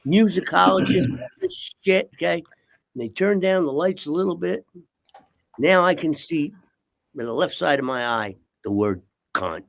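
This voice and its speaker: Gravelly older man telling rambling stories. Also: fairly high pitch, lively intonation, normal speed. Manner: profane, rambling, keeps asking okay?. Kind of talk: casual storytelling.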